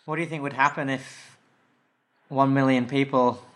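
A man's voice: mid-range voice, steady tone, normal speed. A man hosting a podcast, recounting an experience and asking questions in a thoughtful, hesitant way. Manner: thoughtful, hesitant phrasing with fillers. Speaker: podcast host. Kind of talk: casual interview chat.

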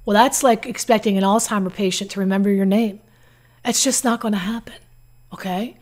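A woman's voice: medium pitch, steady tone, a little fast, a little mellow. Blunt female recovery coach, casual advice talk, mid-range voice. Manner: blunt, conversational, acts out quoted voices. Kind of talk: direct-to-camera advice talk.

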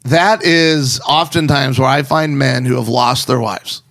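Gravelly sarcastic man giving marriage advice. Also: mid-range voice, unhurried, no echo, studio quality. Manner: sarcastic, animated storytelling. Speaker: podcast co-host. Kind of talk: casual chat, advice for husbands.

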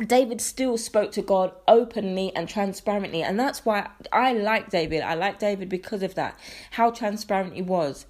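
A woman's voice: medium pitch, darkish tone. A woman hosting a solo faith podcast, talking in an earnest, conversational way that turns preacherly. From England. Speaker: podcast host. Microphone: podcast microphone.

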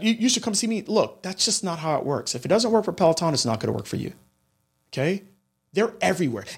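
A man's voice: fairly high pitch, slightly rough. A man hosting a podcast, telling a story in a monologue and talking straight to his listeners. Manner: animated storytelling, addresses listeners directly. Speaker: podcast host.

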